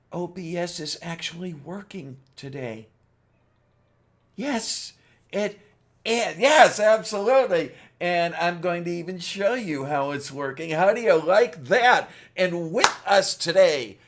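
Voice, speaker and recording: A man hosting a casual online chat show, playful and joking, laughing often. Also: a little high. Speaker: host.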